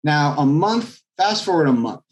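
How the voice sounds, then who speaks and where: Man with a slightly high voice telling a story. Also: moderate pace. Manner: animated anecdote telling, acts out quoted voices. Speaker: real estate agent guest. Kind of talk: storytelling in a podcast interview.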